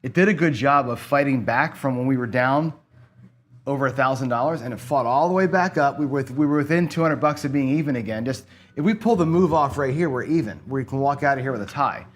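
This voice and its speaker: A man's voice: mid-range voice, fairly quick. Frustrated man griping through casino commentary. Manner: rambling, profane, talks to himself while playing. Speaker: gambling channel host. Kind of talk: casual play-by-play commentary.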